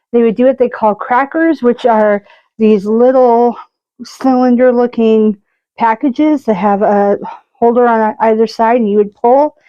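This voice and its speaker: Woman cooking host, higher voice, unhurried chatty delivery, dull lo-fi audio. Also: smooth. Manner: chatty, rambling with side stories. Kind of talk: casual cooking vlog.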